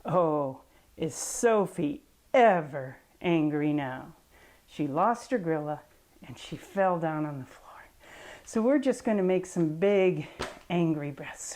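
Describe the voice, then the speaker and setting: A woman's voice: on the low side, animated, measured pace, a little mellow. A woman reading a picture book aloud and coaching children through yoga poses in a patient, encouraging way. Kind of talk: storybook reading with kids' yoga instruction.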